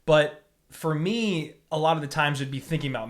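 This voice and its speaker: A man's voice: fairly high pitch, moderate pace. A man co-hosting a podcast, talking through a film review in a casual, thoughtful way and correcting himself as he goes. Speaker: podcast co-host. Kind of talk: casual movie review chat.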